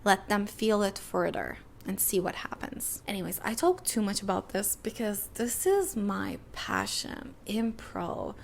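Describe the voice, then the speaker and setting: Chatty woman with a gravelly edge. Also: medium pitch, a little slow, hardly any pauses, a little hiss or hum. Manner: chatty, animated, acts out little quoted exchanges. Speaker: podcast host and filmmaker. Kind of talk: casual advice podcast talk.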